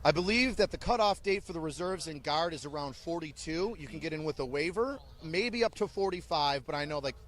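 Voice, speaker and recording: A man's voice: on the high side, brisk, hardly any pauses. A man who works as an army drill sergeant, telling blunt, joking stories in an interview. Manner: animated, blunt, joking storyteller. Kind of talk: storytelling in an interview.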